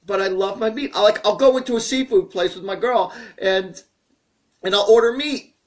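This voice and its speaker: A man hosting a live stream, answering viewer questions in a chatty, rambling, joking way that grows animated as he gets excited. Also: high-pitched, normal speed. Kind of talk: casual live-stream talk.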